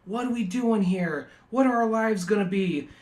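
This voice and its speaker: A man's voice: high-pitched, normal speed, a little mellow. A man co-hosting a podcast in casual chat, rambling and swearing as he retells scenes from memory. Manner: rambling, profane, laughs at his own retellings. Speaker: podcast co-host.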